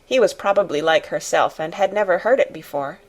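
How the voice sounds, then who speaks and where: A woman reading a classic novel aloud as an expressive audiobook narrator. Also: fairly low pitch, a little fast. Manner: expressive storytelling. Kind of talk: scripted narration.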